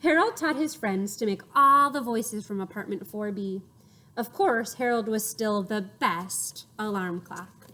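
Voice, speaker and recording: A woman reading a picture book aloud to children, expressive and playful, acting out sound effects and inviting her young listeners to join in. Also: mid-range voice, unhurried. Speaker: storyteller for children.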